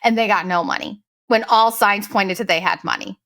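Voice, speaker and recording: A woman hosting a podcast, telling a story in a casual, profane, animated way and mimicking the people she quotes. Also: mid-range voice, moderate pace, creaky. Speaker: podcast host.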